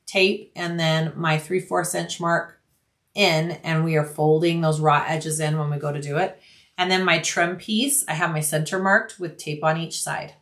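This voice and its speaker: A woman narrating a casual sewing tutorial, explaining each step in a relaxed, practical way and thinking aloud with frequent ums. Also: medium pitch. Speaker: bag-making tutorial host.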